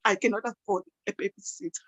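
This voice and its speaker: A woman's voice: medium pitch, steady tone, fast talker, fairly bright tone, no room sound, natural voice, rough recording. A woman voicing a young female student who is a scared single mother, speaking in a subdued, confessional way. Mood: sorrowful.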